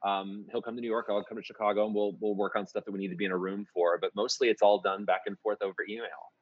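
Low-voiced man, rambling with many restarts. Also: level tone, fast, no room sound, narrow, tinny audio. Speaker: musical theater composer and lyricist. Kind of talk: casual interview chat.

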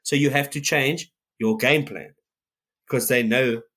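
A man's voice: mid-range voice, a little slow, a bit bright. A man, co-hosting a podcast, ranting heatedly in casual chat and swearing often. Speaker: podcast co-host.

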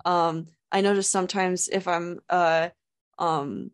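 A young woman hosts a podcast in a chatty, casual way, filling her talk with "like". Her voice sits a little low for a woman. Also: little pitch movement, slow. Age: young adult. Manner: chatty, says "like" often. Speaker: podcast host. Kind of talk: casual conversational interview.

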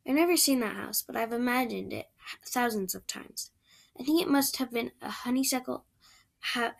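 A woman's voice: fairly high pitch, lightly acted. A woman voicing a chatty, dreamy eleven-year-old red-haired girl who gushes in romantic chatter. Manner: breathless, gushing, romantic chatter.

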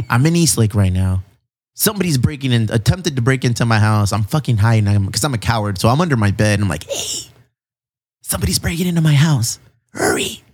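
A man hosting a casual chat, telling stories in an animated, profane way, full of slang. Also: lowish voice, fast talker. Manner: animated, profane storytelling with lots of "bro" and "dude". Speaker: podcast host.

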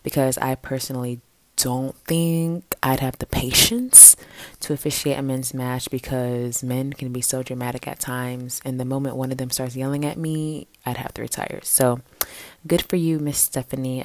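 A woman's voice: rumbling low, moderate pace, dry recording. A young woman hosting her own casual sports podcast, chatting with lots of fillers and playful asides into a home mic. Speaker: podcast host.

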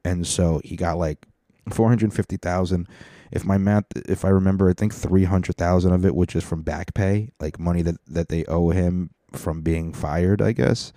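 A man's voice: sits low, steady tone, normal speed, warm tone, no echo, clean studio sound. A young man hosting a podcast, rambling through a profane, self-mocking comedic monologue. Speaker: podcast host.

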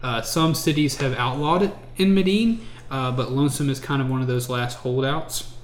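A man running a tabletop game, describing scenes in a hesitant, filler-heavy way at an ordinary pitch. His voice rings in an echoey room with a faint hiss underneath. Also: normal speed. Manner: hesitant, lots of fillers and restarts. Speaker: game master.

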